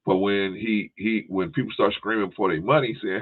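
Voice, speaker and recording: A man's voice: fairly low pitch, fairly even intonation, moderate pace. A male podcast host chatting casually, with a laid-back, rambling manner and frequent "right?" and "y'all". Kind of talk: casual chat. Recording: tinny phone-like line.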